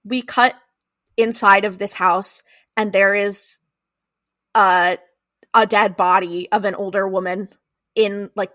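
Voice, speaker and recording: A woman's voice: mid-range voice, fairly bright tone, no echo, studio quality. A woman co-hosting a podcast, giving a chatty, giggly episode recap. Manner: chatty, giggly, lots of fillers and acted quotes. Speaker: podcast co-host.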